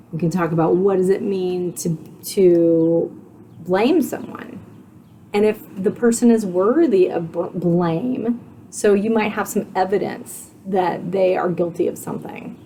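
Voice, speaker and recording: A woman teacher giving a spelling lesson, sounding out letters and syllables slowly and asking her students questions. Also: fairly low pitch, creaky, dark tone, slight background noise. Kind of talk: slow, deliberate spelling instruction.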